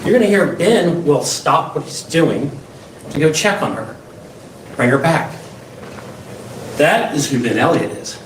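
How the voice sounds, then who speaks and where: A man's voice: a little high, lively intonation, a little slow, pauses often. A male defense attorney giving an opening statement to a jury, emphatic and full of rhetorical questions. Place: courtroom. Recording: echoey courtroom, distant mic, faint hiss.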